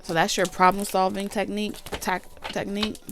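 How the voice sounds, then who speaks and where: A woman's voice: medium pitch, flat delivery, normal speed, creaky, over music. A woman giving a casual tarot reading, chatty, blunt and profane. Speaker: tarot reader.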